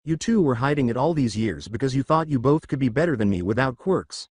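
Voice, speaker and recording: A man's voice: medium pitch, lively intonation, a little fast, husky, dry recording, studio quality. A man voicing a furious, hot-tempered teenage boy hero who demands answers. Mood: angry. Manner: yelling, demanding.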